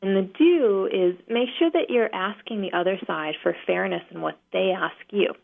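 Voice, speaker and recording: A woman negotiation trainer, a guest on a talk show, explaining tactics in a practical, steady way with many fillers. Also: medium pitch, normal speed, creaky. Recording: phone-line guest audio.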